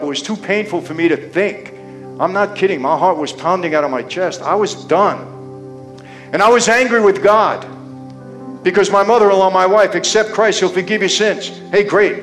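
High-voiced man testifying on stage. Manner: addresses the audience directly as "people", with dramatic pauses. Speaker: speaker giving a faith testimony. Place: stage before an audience.

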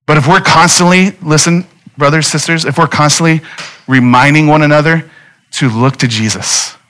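A man's voice: fairly high pitch, moderate pace, bright, forceful tone. A man, a pastor in his thirties, preaching a sermon in an earnest, conversational way with direct appeals to his listeners.

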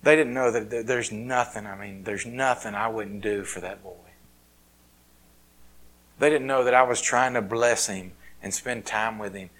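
A man's voice: fairly low pitch, normal speed, a bit bright. A man preaching a sermon, telling a personal story in a conversational, self-deprecating way. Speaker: pastor.

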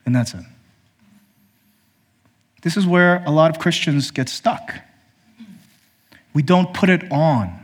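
A man preaching a sermon to his congregation, emphatic and direct, calling them brothers and sisters, swinging from high pointed questions down to low, quiet statements. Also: a little slow, pauses often. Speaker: pastor.

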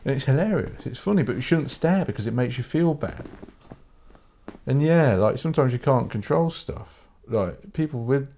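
Speaking with a British accent at a moderate pace, a podcast host delivers a casual solo rant that's blunt, full of swearing, rambling, and riddled with restarts. His mid-pitched voice is mellow with lively intonation, and there's a slight hiss or hum.

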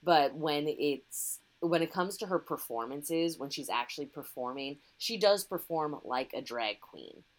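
A woman's voice: sits low, animated, measured pace, hardly any pauses. A woman co-hosting a podcast, chatting casually about a film, laughing often and slipping into quoted lines. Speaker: podcast co-host. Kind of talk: casual film-review chat.

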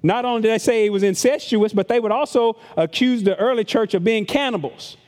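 Man pastor, high voice, conversational sermon with stammered repeats and mocking voices, long church reverb. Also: fairly quick, a little mellow. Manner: conversational preaching, repeats words, acts out voices of critics.

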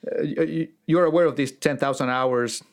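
A man hosting a podcast interview, speaking in a measured, halting way as he searches for words. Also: a little high, steady tone. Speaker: podcast host.

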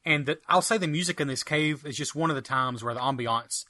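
A man's voice: fairly high pitch, a little fast, bright, forceful tone, no room sound. A man co-hosting a podcast, chatting enthusiastically about retro games with a rambling, filler-filled delivery. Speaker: podcast co-host. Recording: dry close mic.

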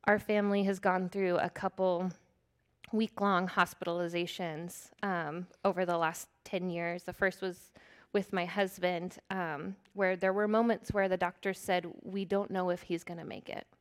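Earnest woman preaching with soft whispered asides. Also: on the low side, flat delivery, moderate pace. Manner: earnest, candid, laughs at herself, drops into soft whispers. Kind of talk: sermon.

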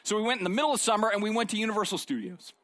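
Middle-aged male pastor, high voice, dry close mic; chatty storytelling sermon, checks in with "right?". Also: rapid-fire, a bit bright, no room sound. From Arizona. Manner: conversational storytelling, frequent "right?" tag questions.

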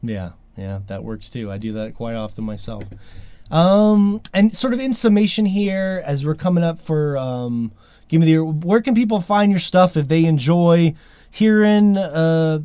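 A man's voice: on the high side, lively intonation, measured pace, mellow, clean tone, no room sound. A man hosting a podcast in casual chat, talking emphatically and grumbling with frustration. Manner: emphatic, exasperated, sweary. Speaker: podcast host.

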